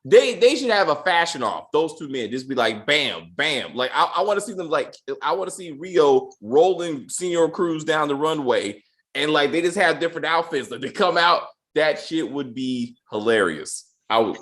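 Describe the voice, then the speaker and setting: A man hosting a casual TV episode review, animated, laughing, and acting out the characters' lines in voices. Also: fairly high pitch, moderate pace. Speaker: show host.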